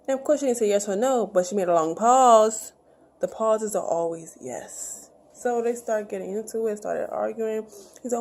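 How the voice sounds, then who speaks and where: A woman's voice: medium pitch, fairly quick, creaky, a little mellow. Chatty woman recapping a TV episode. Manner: chatty, retells scenes acting out characters' lines. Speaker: show review vlogger.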